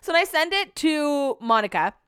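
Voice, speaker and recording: A woman's voice: sits high, very animated, normal speed, fairly bright tone, no room sound, clean studio sound. A woman hosting her own podcast, rambling casually and swearing freely as she chats about her week. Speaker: podcast host. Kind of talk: casual solo podcast chat.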